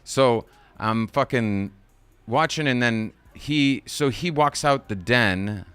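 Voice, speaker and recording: A man's voice: mid-range voice, slow pace, a bit bright, clear, resonant tone, dry recording. A man recapping a kids movie on a live stream in a casual, rambling way, swearing often and laughing at his own jokes.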